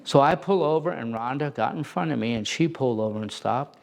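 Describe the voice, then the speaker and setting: A man who plays Santa, telling a casual anecdote in an animated way and acting out the voices of the people in it. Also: mid-range voice, fairly quick, creaky. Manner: animated, acts out quoted voices.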